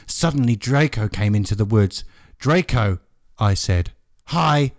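A man's voice: fairly low pitch, moderate pace, a little mellow, dry recording, studio quality. A man co-hosting a podcast, reading a bad story aloud with exasperated asides. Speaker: podcast co-host.

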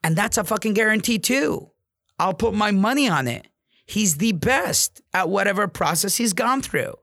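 A man's voice: high voice, animated, normal speed, a bit bright, no echo, clean studio sound. A man in real estate giving an intense, profane motivational monologue, repeating himself for emphasis.

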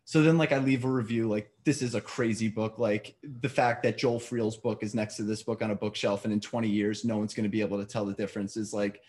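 A man from New York, a podcast guest telling rambling, animated stories in casual chat. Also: fairly low pitch, fast, few pauses.

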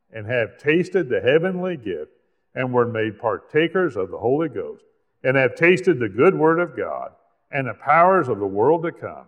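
Emphatic preacher in an echoey hall. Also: male voice, medium pitch, big pitch swings. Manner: emphatic preaching, slows down to stress scripture. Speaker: pastor. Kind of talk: sermon. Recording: echoey hall, tinny phone-like sound.

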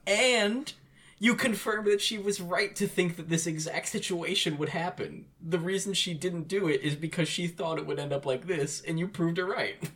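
A podcast co-host chatting casually, joking and quoting the characters in a flat, deadpan way. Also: mid-range voice, moderate pace. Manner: laughing, jokey, quotes characters in deadpan. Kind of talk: casual recap chat.

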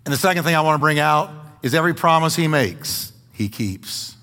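A man's voice: a little high, animated, brisk, pushed and bright, big-room sound, soft background music. A man preaching a sermon as pastor, stressing points by repeating words and joking with the congregation in a church. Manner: folksy humor with the congregation. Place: church sanctuary.

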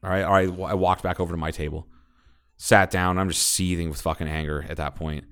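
A deep, smooth-voiced man from Ohio spins a long, cursing anecdote on a casual podcast. He backtracks and restarts often, then pushes ahead with animated, blunt emphasis. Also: fairly quick. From Ohio, United States. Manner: profane, animated storytelling with frequent restarts. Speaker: podcast co-host. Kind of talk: casual storytelling chat.

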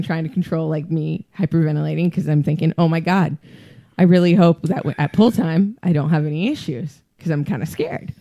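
Animated woman telling a story. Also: deep voice, lo-fi sound. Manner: animated storytelling, laughs often. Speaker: podcast guest, skydiving instructor. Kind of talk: casual chat.

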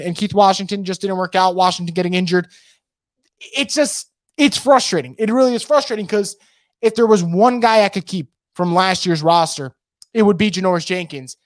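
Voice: medium pitch, brisk, no echo, clean studio sound. A sports show host giving casual, opinionated football commentary, emphatic and repeating words for stress, while losing their voice.

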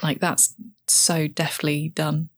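A woman's voice: sits low, completely flat delivery, takes it slowly. A woman guest on a podcast, a comedian, talking enthusiastically and thoughtfully about a comedy show. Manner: enthusiastic, analytical. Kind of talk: casual podcast chat.

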